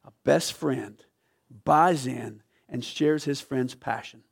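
A man preaching a sermon as pastor, telling a story with passion, swinging from loud to hushed. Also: medium pitch, slow pace, gravelly, husky. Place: church sanctuary.

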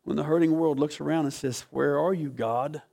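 A man preaching a sermon as pastor, telling a story with passion, swinging from loud to hushed. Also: a little high, fairly even intonation, fairly quick, gravelly. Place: church sanctuary.

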